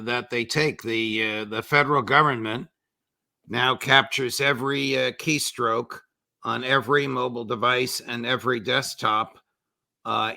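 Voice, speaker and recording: An older man, a former judge, giving measured but indignant political commentary with sarcastic asides. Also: medium pitch, creaky, pushed and bright, dry recording.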